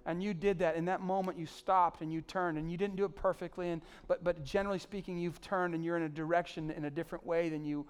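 Male pastor, sermon, pleading and emphatic, voice a touch high. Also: flat delivery, fast, hardly any pauses, clean tone. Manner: pleading, rising to emphatic peaks then dropping soft.

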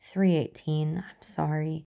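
A woman's voice: low-pitched, level tone, slow, vocal fry, warm tone, exaggerated voice. A woman reading the part of a tired, sleepless female FBI agent, speaking in a weary, clipped and self-conscious way.

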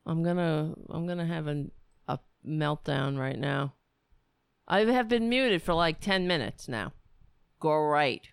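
A woman's voice: sits low, slow, creaky, clear, resonant tone, dry recording. A woman hosting a livestream, ranting angrily with profanity and self-mockery. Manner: angry, profane, self-mocking. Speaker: livestream host. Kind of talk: ranting commentary.

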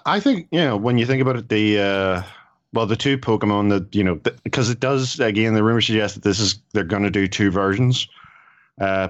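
A man's voice: fairly low pitch, no room sound, dull audio. A man co-hosting a podcast in casual chat, with sardonic, exasperated rants. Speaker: podcast co-host.

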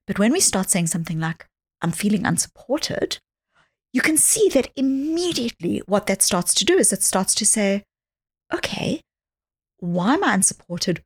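A woman speaking as a psychologist guest on a podcast interview, explaining ideas earnestly and dropping to a soft voice when she acts out quoted speech. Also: mid-range voice.

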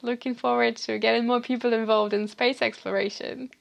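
A woman from Moscow, Russia, speaking as a podcast guest. She explains things clearly and informatively. Her voice has a gravelly, creaky texture. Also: fairly high pitch, level tone, fairly quick, highs cut off. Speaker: guest, space event organiser. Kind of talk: interview answers.

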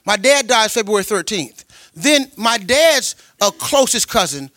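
A man preaching a sermon as a pastor, telling personal stories in a colloquial way, with delivery that swings from loud and emphatic to quiet and tender. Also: high-pitched, lively intonation, measured pace, no echo, studio quality. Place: church.

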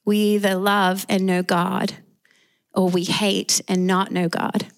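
A woman's voice: medium pitch, little pitch movement, takes it slowly. A woman with an Australian accent preaching a sermon, emphatic, calling out for amens. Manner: warm, emphatic preaching with call-and-response amens.

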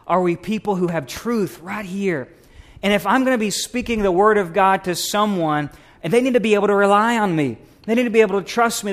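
A middle-aged man delivers a sermon in a church, his fairly high voice climbing as he presses each point. He preaches with rhetorical questions and building emphasis. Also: a bit bright. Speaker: pastor. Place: church sanctuary.

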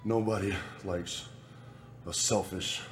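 A man in a televised wrestling promo, speaking in a slow, brooding, menacing way. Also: sits low, fairly even intonation, a little hiss or hum. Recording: echoey broadcast clip.

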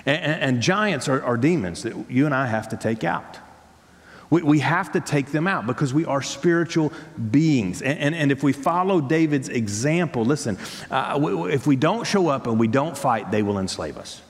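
A man's voice: medium pitch, lively intonation, moderate pace. A man preaching a sermon as pastor, emphatic, repeating words and restarting phrases. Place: church sanctuary. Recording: long hall reverb.

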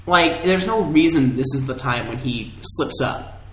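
A man's voice: medium pitch, animated, a little slow, crowd noise. A young adult man co-hosting a podcast in casual chat, with wry, joking banter. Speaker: podcast co-host. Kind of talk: casual chat about a TV show. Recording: echoey room with faint noise.

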